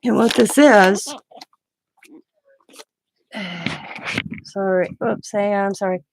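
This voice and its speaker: A woman's voice: medium pitch, extremely slow, a little hiss or hum, rough recording. A middle-aged woman hosting a crafting live stream, chatting in a rambling, emotional way and trailing off mid-sentence. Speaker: craft channel host. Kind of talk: casual live-stream chat.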